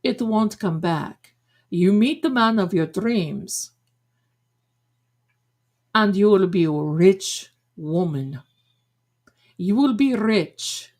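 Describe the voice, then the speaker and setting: A woman voicing a scheming female fortune teller with a heavy put-on foreign accent, pitching her services slowly and wheedlingly. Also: expressive, a little mellow. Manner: slow, wheedling sales pitch.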